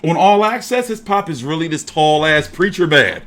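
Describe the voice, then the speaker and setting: A man hosting a casual boxing show, talking in an animated, profane, jokey way. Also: fairly high pitch, moderate pace, slight background noise.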